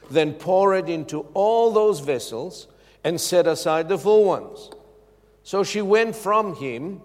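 A man preaching a sermon, with emphatic, drawn-out delivery and rhetorical questions to the congregation. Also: on the high side. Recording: echoey hall reverb.

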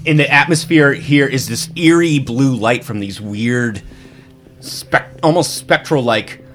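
A man's voice: medium pitch, unhurried, a bit bright, soft background music. A man narrating a tabletop game as game master, describing scenes loosely with many fillers and restarts.

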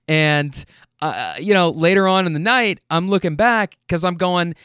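A male podcast host telling a casual story about a rideshare fare, full of restarts and swearing. His voice is smooth and clear, a touch higher than usual, and recorded dry and close. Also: expressive, unhurried, pushed and bright, dry recording. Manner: rambling, profane, many restarts.

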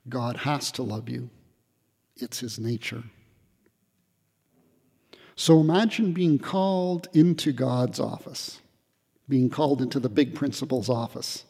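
A man giving a spiritual retreat talk in a hall, reflective and gently humorous, pausing often with fillers. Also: mid-range voice, animated, gravelly, slightly rough. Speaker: retreat speaker.

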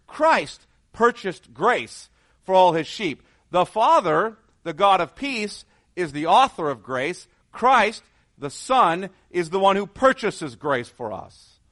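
A male pastor delivers an earnest sermon, posing rhetorical questions. He shifts between soft, low passages and emphatic ones.

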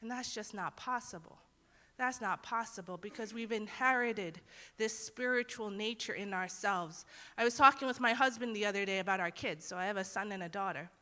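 A woman's voice: medium pitch, moderate pace, sharp tone. A young woman teaching a Bible lesson in a casual, earnest way, acting out the quotes she tells. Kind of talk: conversational sermon. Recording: long hall reverb.

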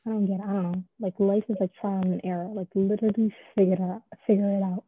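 Over a dry, tinny, phone-like line, a young woman in her late teens chats casually as an interviewee. Her mid-range voice is flat and breathy, and she talks quickly, rambling with plenty of fillers and self-deprecating jokes.

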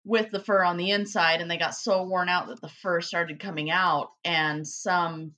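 Lower-pitched woman with a bright edge, dry jokes and swearing, podcast chat. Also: steady tone, moderate pace. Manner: wry, joking, swears casually. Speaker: podcast co-host. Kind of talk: casual chat.

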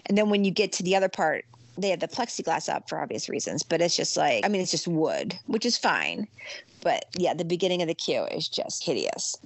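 A middle-aged woman chatting casually about a theme park trip, an animated storyteller who acts out quoted lines in a high voice. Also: brisk, dry recording. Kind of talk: casual chat.

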